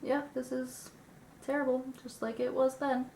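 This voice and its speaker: A woman's voice: high voice, flat delivery, normal speed, creaky, a little mellow, roomy sound, a little hiss or hum. A young woman chatting casually while doing her makeup, sniffly from a recent illness, self-deprecating, swearing and muttering to herself. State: sniffly, getting over an illness. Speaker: beauty vlogger.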